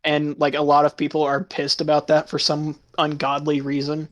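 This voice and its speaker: A man's voice: a little high, completely flat delivery, normal speed. A man chatting casually, laughing often through crude, sarcastic remarks. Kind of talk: casual chat.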